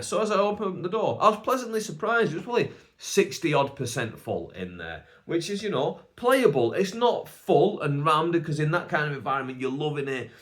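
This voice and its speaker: A man, a stand-up comedian, telling anecdotes on his own podcast in a casual, animated way, acting out the people in his stories. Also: a little high. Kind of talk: casual storytelling monologue.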